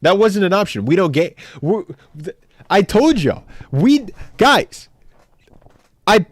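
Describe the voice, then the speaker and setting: A young man streaming live, chatting casually with his viewers in an animated, joking way as he ranks characters on a tier list. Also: high-pitched, takes it slowly, dry recording. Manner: animated, jokey, talks back to chat.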